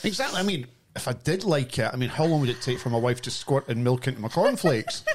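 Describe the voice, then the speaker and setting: Jokey Scottish man with lively pitch. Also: quick pace, background noise. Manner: jokey, steers the conversation. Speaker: podcast host. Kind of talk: casual podcast chat.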